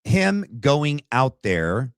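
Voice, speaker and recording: A man's voice: mid-range voice, big pitch swings, extremely slow, clear, resonant tone, dry recording. A man hosting a livestream from his computer, talking through his opinions in a loose, conversational way and reacting to viewer chat. His voice sits in a middling register and comes across close and dry, with no room sound around it. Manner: opinionated and conversational, thinks aloud. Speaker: podcast host.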